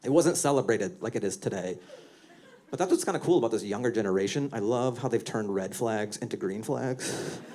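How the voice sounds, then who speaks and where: A man in his forties doing a conversational stand-up set into a handheld mic, often breaking into squeaky voices for his acted bits. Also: expressive, a little fast, a little mellow. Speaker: stand-up comedian. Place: comedy venue stage before a laughing audience. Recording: live show with crowd laughter and noise.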